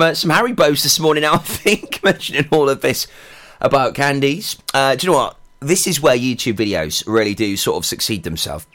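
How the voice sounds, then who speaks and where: A male breakfast radio host with a chatty, rambling way of talking and jokey asides between songs. His voice sits at an ordinary middle pitch. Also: a bit bright.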